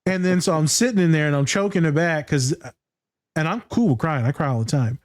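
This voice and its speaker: A man's voice: a little high, animated, a little fast, a little mellow, dry recording. Male podcast host, candid, profane, casual, dry close sound.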